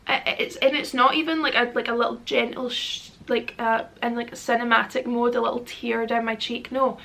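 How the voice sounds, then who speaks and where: A Scottish woman in her twenties with a slightly high voice talks straight to camera in a casual Q&A. She rambles, trips over her words and laughs at herself. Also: little pitch movement, brisk, creaky, pushed and bright. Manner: chatty, rambling, self-deprecating, laughs often. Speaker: vlogger.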